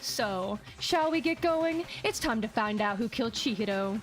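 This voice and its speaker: A woman's voice: a little high, animated, normal speed, faint music behind. A woman giving casual, playful gameplay commentary, laughing often and swearing casually. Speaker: let's play streamer.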